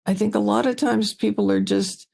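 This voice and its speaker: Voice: medium pitch, fairly even intonation, normal speed, creaky, a little mellow. A podcast host answering a guest earnestly, affirming and summing up what was said. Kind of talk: supportive interview talk.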